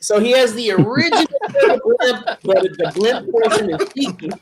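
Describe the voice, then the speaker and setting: Live stream host, male, high voice, loose and chatty, greets viewers. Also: wildly swooping pitch, a little slow, very noisy. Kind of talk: casual live stream chat.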